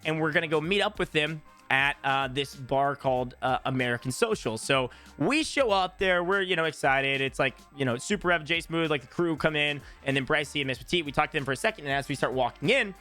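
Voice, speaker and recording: Bright-voiced young man telling a story. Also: on the high side, brisk, hardly any pauses, soft background music. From Tennessee. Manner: animated, acts out quoted voices. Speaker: YouTuber. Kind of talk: casual storytelling.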